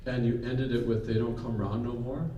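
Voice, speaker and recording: In this choir coaching clip, a male vocal clinician counts in his singers and demonstrates short phrases himself. He speaks at an ordinary speed with a level, mellow, medium-pitched voice. The lo-fi recording carries a little hiss or hum, captured from a distant mic in a reverberant room.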